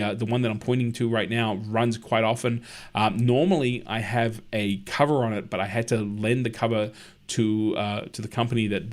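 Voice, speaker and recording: A man hosting a casual livestream, chatting in a friendly way, answering viewer comments and telling anecdotes. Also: lowish voice. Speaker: livestream host.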